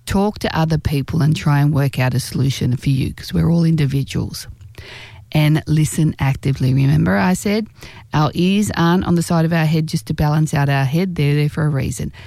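Low-voiced woman giving earnest advice. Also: warm tone, dry recording. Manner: direct, earnest, emphatic, with slow stressed phrases. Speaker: relationship advice speaker. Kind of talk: direct-to-camera advice talk.

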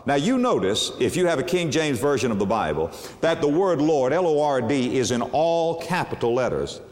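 A man preaching a sermon, slow and emphatic, with long dramatic pauses on key words. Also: medium pitch, lively intonation, a little mellow, in a large hall.

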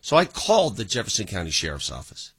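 A male radio host tells a story with real animation and acts out both sides of the conversation. His voice is husky and bright, with a lively pitch that swings a lot. The studio sound is dry and close. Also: fast, dry recording. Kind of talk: casual talk radio banter.

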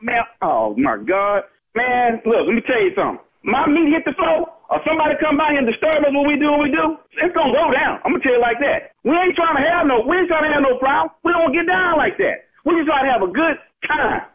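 A man with a very high voice talks fast in a heated phone argument, repeating himself again and again. The sound is thin and tinny, like a phone line. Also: expressive. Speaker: prank call target.

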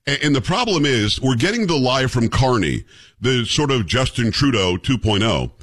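A male talk show host with a general American accent, delivering opinionated commentary in an animated, rising-and-falling voice. His tone is slightly husky, and he often trips over his first words before pressing on. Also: medium pitch, normal speed. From New York. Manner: animated, opinionated, repeats words when starting sentences. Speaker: radio and podcast host.

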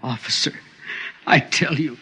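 An actor playing a tense, haunted husband in a 1940s radio drama, urgent and shaken. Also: male voice, mid-range voice, unhurried, sharp tone, husky, heavily acted, low-quality recording.

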